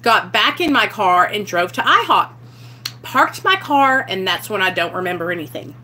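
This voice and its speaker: A woman's voice: mid-range voice, lively intonation, normal speed, pushed and bright, a little hiss or hum. A young woman telling a raw personal story to her camera, blunt and candid, swearing freely. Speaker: vlogger sharing her recovery story.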